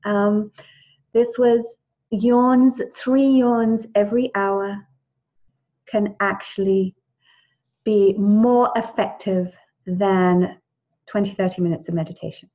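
A woman's voice: mid-range voice, steady tone, slow pace, pauses often, dark tone. A woman leads a wellness class over a dull, lo-fi line. She talks in a chatty, encouraging way and often breaks off mid-sentence to start again. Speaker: wellness teacher. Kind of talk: live group class over video call.

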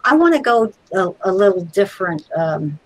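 Woman, interview host, earnest, preachy, gently probing questions, casual talk. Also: medium pitch, big pitch swings, normal speed, rough recording.

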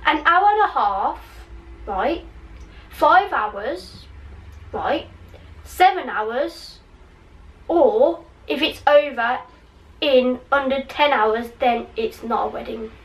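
A young woman hosting a casual quiz vlog, chatty and giggly, talking in quick bursts. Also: high voice, lively intonation, recorded from a distance, poor audio. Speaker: channel host.

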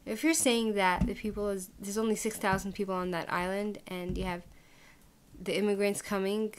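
A woman's voice: mid-range voice, level tone, moderate pace, background noise. A woman vlogger giving casual reaction commentary, indignant and rambling, with many fillers and restarts.

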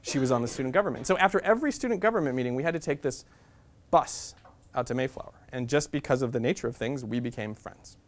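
A man telling a funny personal story as a guest speaker, in an animated, chatty way with frequent laughs. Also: mid-range voice, fast.

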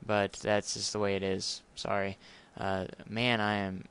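A man's voice: on the low side, little pitch movement, a little slow, fairly bright tone, clean tone. A young man talking casually and awkwardly over his gameplay, rambling and apologizing as he goes. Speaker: gamer. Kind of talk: casual let's play commentary.

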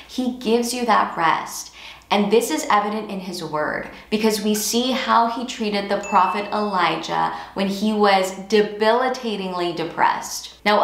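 A woman's voice: medium pitch, vocal fry, roomy sound. A woman giving an earnest devotional talk, stressing and repeating key phrases as she encourages listeners. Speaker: Christian teacher. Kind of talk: devotional teaching with scripture reading.

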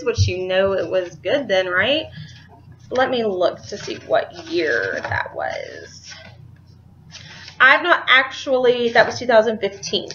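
In a casual chat, a young book vlogger laughs easily while rambling about her book purchases. She has a fairly high, slightly bright voice, and the sound is lo-fi.

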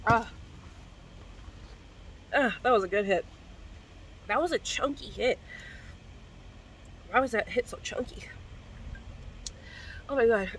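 A woman's voice: a little high, slow, long pauses, slight background noise, rough recording. A young woman vlogger in casual chat to camera, slangy and profane, coughing now and then. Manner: chatty, slangy and profane, coughing between hits.

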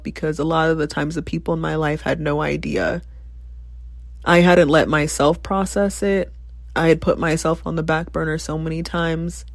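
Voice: medium pitch, no echo. Candid podcaster in their twenties, dry sound. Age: 20s. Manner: reflective, reenacts past conversations with sudden exclamations. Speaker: podcast host. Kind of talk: candid personal monologue.

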